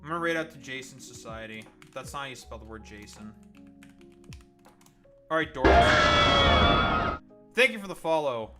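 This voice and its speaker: A man's voice: mid-range voice, lively intonation, normal speed, pauses often, over loud music. A tired young Canadian man streaming late at night, ranting sarcastically and profanely in a rambling way. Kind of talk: late-night livestream rant.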